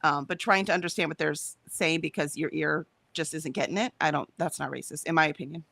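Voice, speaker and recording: American lady chatting on a stream, laughs a lot, bright voice. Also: low-pitched, fast, gravelly, no room sound, clean studio sound. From United States. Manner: chatty, laughs often, quotes viewer comments. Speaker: livestream co-host. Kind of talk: casual chat reading viewer comments.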